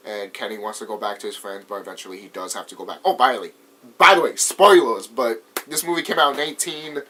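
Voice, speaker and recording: A young American man rambling excitedly through a casual movie review, laughing often and swearing freely. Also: fairly high pitch. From United States. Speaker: vlogger.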